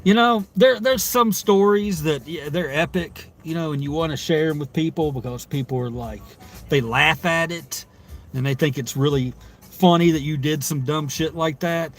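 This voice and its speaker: A man's voice: a little high, normal speed, faint music behind. A man hosting a livestream, reading out viewers' stories and reacting in a rambling, exasperated way, swearing freely. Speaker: livestream host. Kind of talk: casual livestream chat reading comments.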